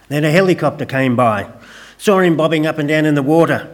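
A man preaching a sermon, gentle and conversational with light humor, praying in a soft, hushed way. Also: fairly high pitch, lively intonation, brisk. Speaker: pastor.

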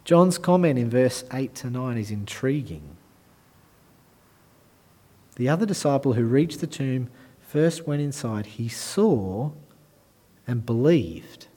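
A man preaching a sermon and reading scripture aloud. He drops to hushed, soft passages and rises to loud, emphatic declarations. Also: medium pitch, lively intonation, slow, pauses often.

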